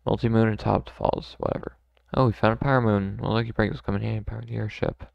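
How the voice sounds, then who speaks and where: A man's voice: lowish voice, fairly even intonation, fast, gravelly, dry recording, muffled recording. A man playing a video game, casually commenting and joking as he goes. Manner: laid-back, joking, mutters to himself. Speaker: gamer. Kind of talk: let's play commentary.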